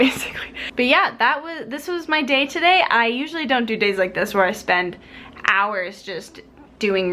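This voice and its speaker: A bubbly young woman talks casually to her handheld camera, her voice sitting a little high. She rambles in a chatty vlog style. A faint hiss of background noise sits under her voice. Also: pushed and bright. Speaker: vlogger. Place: at home indoors.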